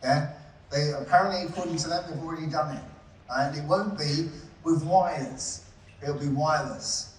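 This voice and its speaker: A man delivers a conversational live talk at a conference, repeatedly engaging the crowd with "yeah?" and "right?". His voice is on the high side and he speaks at a normal speed. The audio, taken from a distance in an echoing hall, has slight background noise.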